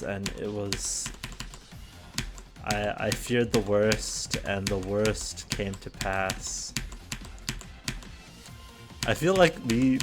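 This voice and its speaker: A young man hosting his own show in a casual solo monologue, rambling and self-deprecating with many restarts, a little out of breath. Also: fairly low pitch. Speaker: host.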